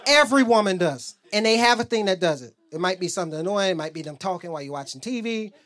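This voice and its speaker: Stand-up comic, young man, lively profane storyteller, swings his pitch up and down. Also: fast. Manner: profane, storytelling, acts out quotes, audience laughs. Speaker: stand-up comedian. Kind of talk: stand-up routine.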